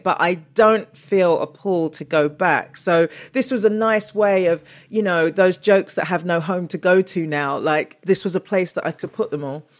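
A woman talking casually as a guest author and comedian, chatty, often laughing and restarting her sentences. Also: lowish voice. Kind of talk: casual interview chat.

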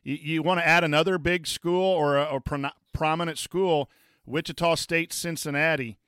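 A man's voice: a little high, steady tone, normal speed, a bit bright, clean tone, dry recording, clean studio sound. A man, a former coach co-hosting a casual sports chat, rambling with many fillers and restarts. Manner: reads chat comments aloud. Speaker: podcast co-host, former coach.

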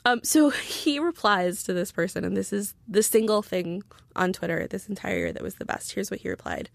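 A woman's voice: medium pitch, sing-song, moderate pace, vocal fry, no echo, studio quality. A woman telling a story in casual podcast chat, chatty with many fillers and sarcastic asides. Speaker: guest, writer.

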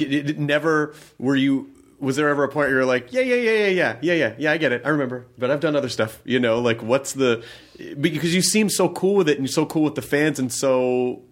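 A man interviewing a guest with loose, chatty questions. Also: mid-range voice. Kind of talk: casual interview talk.

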